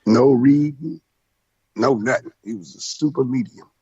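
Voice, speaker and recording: A man's voice: medium pitch, unhurried, mellow, breathy edge, no room sound, dull audio. A man co-hosting a casual radio chat, telling laid-back anecdotes. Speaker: co-host, spiritual priest.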